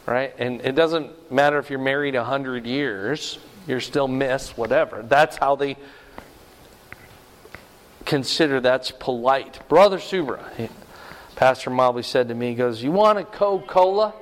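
Speaking at a measured pace with frequent pauses, an older man of medium pitch gives a folksy sermon full of stories and questions for the congregation. A long hall reverb surrounds his voice.

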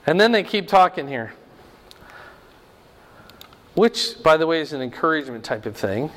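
A man teaching a Bible lesson verse by verse, explaining slowly and checking in with "right?" and "okay?". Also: fairly high pitch, sing-song, fairly bright tone, in a large hall.

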